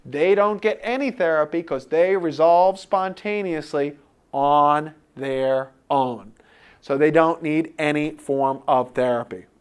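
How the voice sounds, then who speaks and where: A man lecturing for a medical board exam review, animated and playing out imagined student replies. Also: fairly high pitch, takes it slowly, clean tone.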